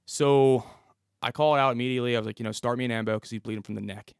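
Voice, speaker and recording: A man's voice: mid-range voice, steady tone, very fast, vocal fry, clear, resonant tone, no echo, studio quality. A man who was a police officer, a podcast guest telling a story in a casual, matter-of-fact way. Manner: detailed, matter-of-fact retelling.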